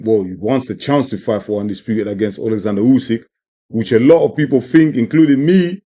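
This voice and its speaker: A man's voice: mid-range voice, warm tone. A man giving emphatic, opinionated boxing commentary on his channel, often repeating his points and tagging lines with "man" and "you know what I mean". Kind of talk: opinionated sports commentary vlog.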